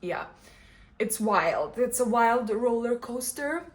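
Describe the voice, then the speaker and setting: In a slightly high voice and at a slow pace, a young adult female vlogger and coach chats personally and expressively to the camera, regularly dissolving into laughs.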